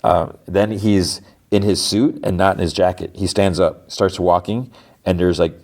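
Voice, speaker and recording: A man's voice: low-pitched, fairly even intonation, a little slow, darkish tone. A man hosting a podcast, retelling a TV episode in a rambling, casual way, full of fillers. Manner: rambling, heavy use of "like". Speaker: podcast host.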